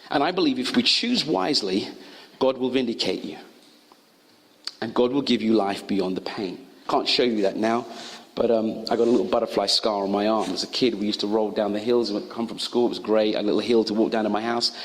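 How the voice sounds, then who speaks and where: A male pastor preaching a sermon, telling stories and acting out the voices of the people in them with sudden high cries. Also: fairly bright tone. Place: college chapel or hall. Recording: long hall reverb.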